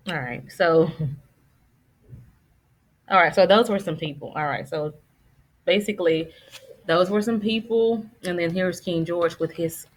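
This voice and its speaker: A woman teacher reads a book aloud to her students, patient and encouraging. Her voice sits a little low for a woman. She stops now and then to fix a word and goes on. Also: low-quality recording. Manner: patient, encouraging, with frequent restarts.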